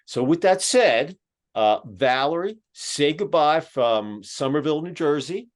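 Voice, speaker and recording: A man's voice: fairly high pitch, expressive, unhurried. A man from Philadelphia with a Philadelphia accent, hosting a podcast and talking casually over a video call, rambling with plenty of fillers. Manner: rambling, filler-heavy, folksy. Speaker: podcast host. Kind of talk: casual closing remarks. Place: home in Georgia, on a video call.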